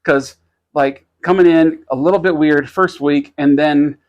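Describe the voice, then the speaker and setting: A man co-hosting a podcast, telling a story in casual chat, rambling and halting with many fillers, lively when he quotes others. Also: on the high side, highs cut off. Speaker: podcast co-host.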